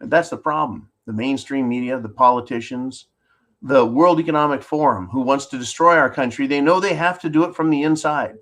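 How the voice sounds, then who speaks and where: A man's voice: medium pitch, fairly quick, fairly bright tone. A man from California hosting a political commentary stream, combative and sarcastic as he rants and answers viewer comments. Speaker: channel host reading viewer comments.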